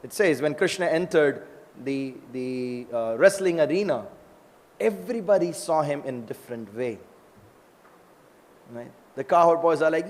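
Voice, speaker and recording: A man leads a scripture class in a lively storytelling way, playing out the dialogue as he goes. His voice sits a little on the high side for a man. A long reverb trails after his words, as in a large temple hall. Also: a little slow. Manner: animated, acts out dialogue in the stories. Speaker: scripture lecturer.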